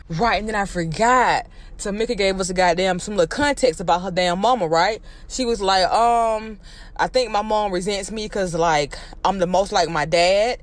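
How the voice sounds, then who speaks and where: A woman vlogger giving a casual ranting recap, blunt and opinionated with heavy profanity, her voice jumping up in pitch when she exclaims. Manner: swings up into high exclaiming pitch. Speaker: reality show recap vlogger.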